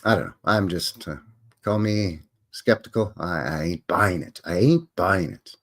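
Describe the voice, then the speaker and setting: A man's voice: low-pitched, measured pace, a bit bright. Man, live stream host; casual, rambling, wry and skeptical, reads aloud between asides. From Canada. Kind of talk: live stream commentary, reading articles aloud.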